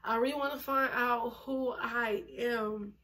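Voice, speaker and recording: A woman's voice: on the high side, steady tone, unhurried, pushed and bright, a little hiss or hum. Chatty twenty-year-old woman vlogger. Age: 20s. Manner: chatty, emphatic, uses lots of fillers and laughs. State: out of breath, pregnant. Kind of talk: casual chat to camera.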